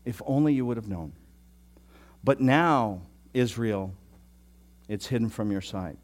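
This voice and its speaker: A middle-aged man preaching from the pulpit in a relaxed, conversational way. He jokes about himself, then presses points with emphatic conviction. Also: medium pitch, a little slow. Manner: conversational, self-deprecating, rising to emphatic preaching. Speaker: pastor. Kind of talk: sermon.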